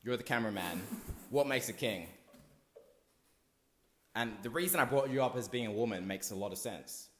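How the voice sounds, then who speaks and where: A young man who has been drinking tells an ancient tragedy in casual slang. He rambles, restarts and throws loud asides at the people with him, at an average pitch. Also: animated, normal speed, long pauses, reverberant. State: drunk. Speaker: comic storyteller. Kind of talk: casual comic retelling of a play.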